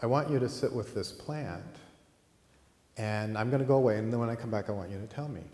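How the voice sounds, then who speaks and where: A man voicing a patient old Lakota grandfather who speaks in a slow, gentle, measured way. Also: lowish voice, roomy sound, long reverb tail, close to an everyday voice.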